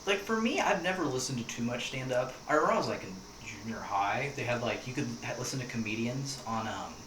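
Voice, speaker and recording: A man's voice: mid-range voice, fast. A young man hosting a casual podcast chat, telling stories and acting out the quotes. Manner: animated storyteller, acts out quotes. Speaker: podcast host. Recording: echoey room with noise.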